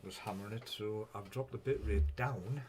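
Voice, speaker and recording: Rambling man, low voice. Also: a little fast, a little mellow, faint music behind. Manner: rambling, swears freely, chuckles often. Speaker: live-stream host. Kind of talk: casual live-stream chat.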